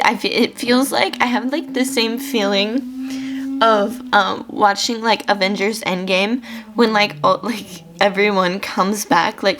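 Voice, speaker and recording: A woman's voice: medium pitch, fairly bright tone. A young woman chatting casually in a reading vlog, gushing about a book with lots of fillers, tearful at times. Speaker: book vlogger.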